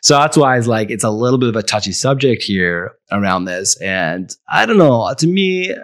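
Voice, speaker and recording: A man's voice: mid-range voice, lively intonation, moderate pace, fairly bright tone, dry recording, studio quality. A man co-hosting a casual marketing podcast, reading news quotes aloud with many ums and restarts. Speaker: podcast co-host.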